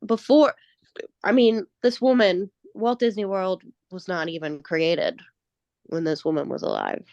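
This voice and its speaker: A woman's voice: mid-range voice, steady tone, measured pace, darkish tone, dry recording. A woman co-hosting a comedy podcast, firing off wry, stubborn one-liners. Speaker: podcast co-host. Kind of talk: casual comedic chat. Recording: dull lo-fi sound.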